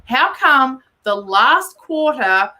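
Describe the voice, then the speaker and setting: A woman guest in casual chat who talks slowly and emphatically, with laughing asides. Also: high-pitched, very animated, pushed and bright.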